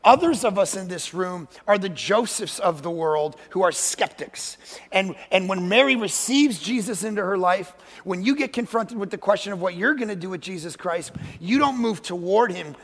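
High-pitched gravelly preacher in a reverberant hall. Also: male voice, moderate pace. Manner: animated, joking, acts out quoted voices, sudden shouts. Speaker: guest pastor. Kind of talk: energetic comedic sermon. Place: church sanctuary.

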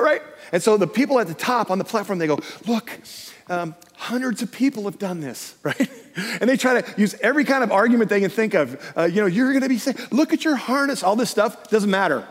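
A middle-aged man preaches. He tells his stories with animated delivery, acting out the people in them. His words ring with a long reverb, as in a large church sanctuary. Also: a little high. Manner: animated storytelling, acting out quoted voices. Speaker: guest speaker. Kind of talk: sermon.

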